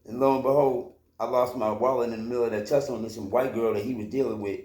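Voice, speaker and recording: A man's voice: medium pitch, fairly even intonation, quick pace, darkish tone. A man casually telling a personal story from his own life, rambling, with lots of fillers and swearing. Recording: roomy echo.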